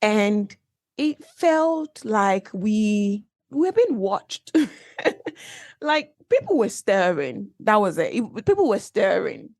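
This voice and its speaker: A young woman from Nigeria hosting a solo podcast, telling a travel story in a chatty, animated way with asides and questions to her listeners. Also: medium pitch, slow, dry recording, studio quality. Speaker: podcast host. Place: based in Manchester, recorded dry and close.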